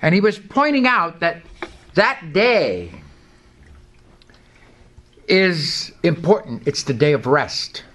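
A man preaching a sermon in a somewhat high voice. He speaks emphatically as a pastor and leads the congregation in repeating lines back to him. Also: big pitch swings, slow, pauses often, fairly bright tone.

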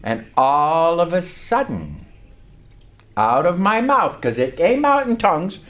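An older man preaching a sermon in a church, telling a story with emphatic, rising lines. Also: fairly high pitch. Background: congregation responding.

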